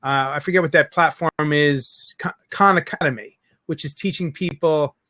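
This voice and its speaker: A man with a high, bright voice hosts an interview. He talks with eager energy, telling stories quickly and restarting his sentences as he goes. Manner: enthusiastic, quick storytelling with restarts. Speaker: interview host. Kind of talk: casual interview chat.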